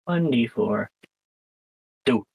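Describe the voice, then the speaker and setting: A player in a tabletop game who loosely describes their character's moves, hedging and restarting as they go. The sound is dry and close, and the pitch sits in the middle. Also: expressive, very slow, gravelly, a little mellow, husky, no room sound. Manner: loose, hesitant describing of actions. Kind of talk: casual tabletop game play.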